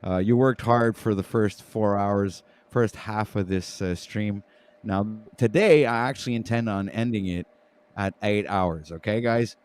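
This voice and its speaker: A man's voice: lowish voice, measured pace, a little mellow, clear, resonant tone. A man from Canada with a French Canadian accent hosting a casual livestream talk show, stumbling over his words and joking about himself. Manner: stumbling, self-mocking, often restarts words.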